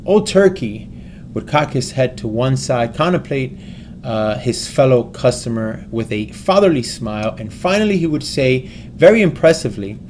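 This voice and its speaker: A man reading a story aloud in a steady way, with small slips and restarts. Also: mid-range voice, normal speed, slight background noise.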